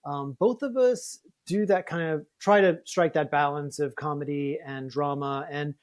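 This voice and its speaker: Male author guest, higher-pitched, casual and rambling. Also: a little slow. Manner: chatty, many fillers and restarts. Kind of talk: casual interview talk.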